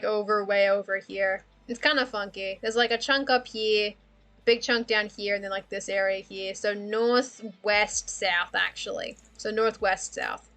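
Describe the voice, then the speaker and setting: A woman's voice: on the high side, a bit bright. A woman livestreaming casually, rambling and thinking aloud with frequent laughter. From Australia. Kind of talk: casual livestream chat about worldbuilding.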